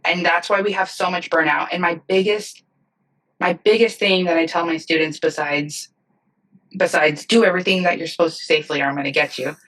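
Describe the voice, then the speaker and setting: A woman's voice: fairly low pitch, fairly even intonation, brisk, fairly bright tone, recorded from a distance, rough recording. A woman in her thirties, a nursing director, talking candidly in a podcast interview and acting out the people she quotes. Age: 30s. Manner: earnest, candid storytelling that acts out voices.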